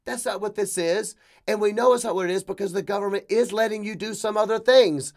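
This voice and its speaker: A middle-aged man hosting a podcast, delivering an opinionated monologue with emphatic bursts, quick asides and mocking quoted voices. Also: sits high. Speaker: podcast host.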